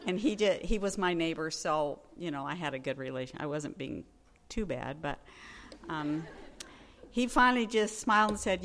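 An older woman telling a personal story in a brisk, wry, humorous way. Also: sits low, a bit bright, slight background noise. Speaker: speaker sharing a personal story. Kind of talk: storytelling talk.

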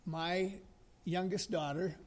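A man's voice: sits high, steady tone, slow. Earnest older man telling a story. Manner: earnest, gently humorous. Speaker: speaker sharing a personal story. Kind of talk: storytelling talk.

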